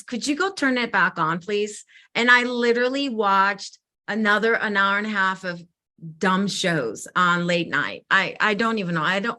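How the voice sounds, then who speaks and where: A woman co-hosting a live wellness session, talking in a chatty, animated, self-deprecating way. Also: mid-range voice. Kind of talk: casual talk.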